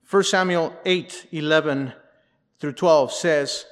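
A man's voice: fairly high pitch, moderate pace. A male pastor preaching a sermon, reading scripture aloud expressively and adding asides. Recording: long reverb in a large hall.

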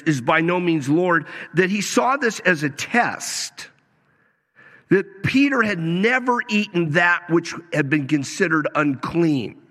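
A man's voice: a little high, fairly bright tone. A man preaching a sermon, emphatic, acting out the quoted lines as he goes. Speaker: pastor. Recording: long reverb of a hall.

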